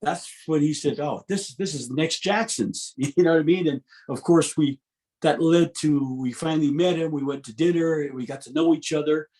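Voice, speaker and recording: Lively middle-aged man telling stories. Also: a little high, normal speed. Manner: animated, restarts often, laughs between stories. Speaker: guest musician. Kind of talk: interview storytelling.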